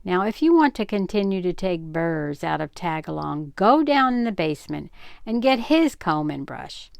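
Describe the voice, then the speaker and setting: A fed-up, strict mother scolds her son in a stern, clipped way, as a grandmother voices her. The voice is smooth with a gravelly undertone, and the storybook read-aloud sounds close and dry. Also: lowish voice, sing-song, normal speed, dry recording. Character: exasperated strict middle-aged mother.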